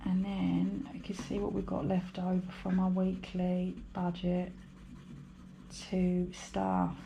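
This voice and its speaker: A woman's voice: fairly low pitch, completely flat delivery, takes it slowly, vocal fry, warm tone, highs cut off, a little hiss or hum. A British woman chatting casually to camera while budgeting, rambling and talking to herself. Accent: British English. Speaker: budgeting vlogger. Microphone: overhead camera mic.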